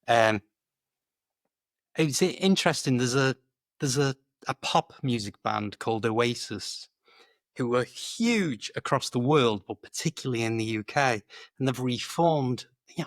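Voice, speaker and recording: Lively, chatty British English coach. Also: male voice, medium pitch, no room sound, clean studio sound. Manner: chatty and lively, laughs easily, often says "do you know". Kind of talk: casual conversation about British expressions.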